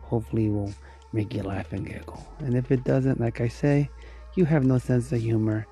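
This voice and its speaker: A man's voice: medium pitch, fairly even intonation, normal speed, dark tone, soft background music. A man hosting his own comedy voiceover podcast, rambling and joking in a casual intro. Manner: rambling, joking, self-promoting. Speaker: podcast host.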